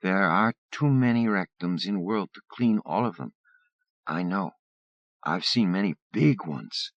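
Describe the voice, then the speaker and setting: A man voicing a soft-spoken young Vietnamese immigrant girl who speaks slow, broken English in an airy voice. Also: low-pitched, animated, dry recording, highs cut off, voice pushed up. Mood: calm, wry.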